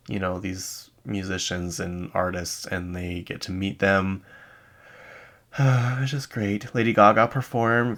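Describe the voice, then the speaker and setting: A man with a very low voice and a gravelly edge, hosting a podcast in a casual chat. He rambles through the news, wanders into asides and corrects himself as he goes. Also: fairly bright tone. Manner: chatty and rambling, with many asides and self-corrections. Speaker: podcast host. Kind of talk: casual chat about pop music news. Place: lives in Utah.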